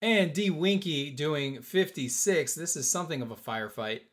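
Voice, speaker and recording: A man's voice: fairly high pitch, animated, moderate pace, a bit bright. A man hosting a live-stream auction, joking with bidders and counting down bids. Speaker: auction host.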